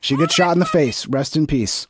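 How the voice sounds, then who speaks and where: A man giving heated, profane livestream commentary over video clips, mocking opposing views in a high voice. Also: moderate pace, husky, no echo, studio quality. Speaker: political commentary streamer.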